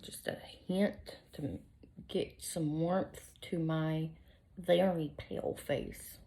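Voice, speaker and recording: A middle-aged woman vlogs her makeup routine in casual, self-deprecating chat, sometimes sinking to a whisper. She speaks slowly in a deep, gravelly, warm voice with fairly even intonation.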